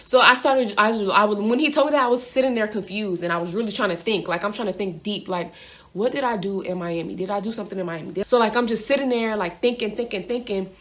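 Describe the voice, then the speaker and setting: A young woman talks straight to the camera in a casual storytime vlog. Her voice sits at an ordinary middle pitch. She rambles, circles back and leans on filler words as she tells it. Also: quick pace. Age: young adult. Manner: rambling, repeats herself with filler "like". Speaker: vlogger. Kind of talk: storytime monologue.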